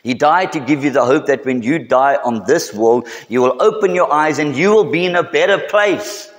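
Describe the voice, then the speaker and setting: A man with a South African English accent preaching a sermon in a church, building to emphatic, drawn-out key phrases. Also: a little high. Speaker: pastor. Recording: reverberant church hall.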